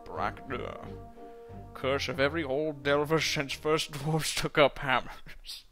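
Guy doing a gruff old scottish dwarf for a game, reads it a bit clumsy, music faint under it. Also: on the high side, steady tone, slow pace, pushed and bright, exaggerated voice. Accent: mock Scottish. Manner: stumbling over the written lines. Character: gruff old male dwarf miner, blunt.

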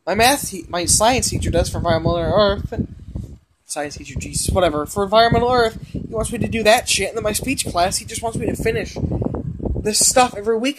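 A man's voice: high voice, fairly quick, slight background noise. Frustrated young man ranting. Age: young adult. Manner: frustrated, heavy cursing, rambling. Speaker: gaming vlogger. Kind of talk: ranting while playing a game.

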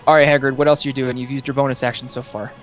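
A man running a tabletop game as dungeon master, narrating the action and calling turns with a relaxed, laughing manner. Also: mid-range voice, rapid-fire. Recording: dull lo-fi sound with faint music.

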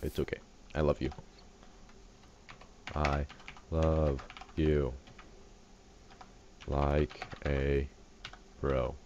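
A man's voice: a bass voice, little pitch movement, very slow, long pauses, a little mellow. A tired man rambling and joking through casual game commentary, easily distracted. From USA. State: tired, just woke up. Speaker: gaming channel host. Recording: dull lo-fi recording with faint hiss.

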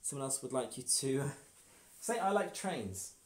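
A young man hosting a casual livestream as a hypnotist, teasing and playful, giving slow, measured trance cues. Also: mid-range voice, animated. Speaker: stage hypnotist and stream host. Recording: roomy echoey room.

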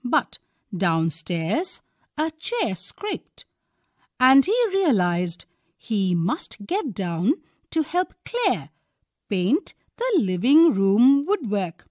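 A woman with an Indian English accent, reading a textbook story aloud to a class, expressive and deliberate. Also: fairly high pitch, no room sound, studio quality.

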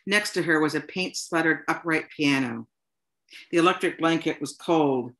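A woman author reading her own short story aloud to an audience, in a plain, unhurried storytelling manner. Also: deep voice. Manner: unhurried, plain storytelling delivery with soft "um" fillers.

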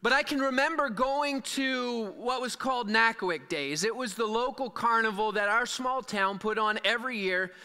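A man's voice: very high voice, moderate pace, few pauses, sharp tone, smooth. A man preaching a sermon as pastor, reading scripture and then talking conversationally with small fillers and restarts. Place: church sanctuary. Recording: long church hall reverb.

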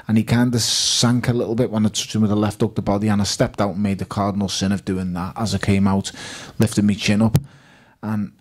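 A man with a Liverpool accent, a guest at a live fan evening, telling lively stories and quoting himself and others. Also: lowish voice, fairly quick. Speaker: guest boxer.

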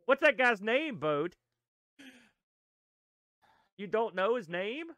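A man's voice: high-pitched, big pitch swings, takes it slowly, pushed and bright, no room sound. A man co-hosting a casual podcast, playful and ribbing the others. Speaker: podcast co-host. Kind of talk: casual chat.

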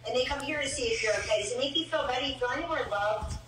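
A woman's voice: high-pitched, rapid-fire. Scolding woman heard from far off. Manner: scolding, accusatory, sarcastic. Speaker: parent arguing with her teenager. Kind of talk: heated private argument. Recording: echoey room picked up from far off with loud noise.

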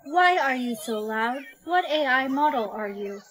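A curious female household robot, voiced by a high synthetic woman's voice. The lines come out flat and machine-even in a storytime tale. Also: measured pace, slight background noise.

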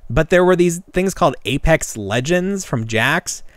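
A man co-hosting a podcast who rambles through casual stories, full of fillers and quick laughs. His pitch swings widely as he talks. The sound is dry and close. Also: lively intonation, no room sound. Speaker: podcast co-host. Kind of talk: casual chat.

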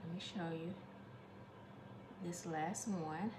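A woman's voice: on the low side, slow, echoey room, noisy background. Chatty woman calling viewers honey. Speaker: home cooking vlogger. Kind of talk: casual cooking demonstration.

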